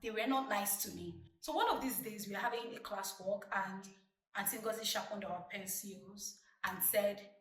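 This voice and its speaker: Nigerian woman, twenties, vlogger, lively chatty storytelling, distant mic, echoey room. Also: mid-range voice, normal speed. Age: 20s. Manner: chatty, lively retelling with acted-out quotes. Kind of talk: casual storytelling to camera.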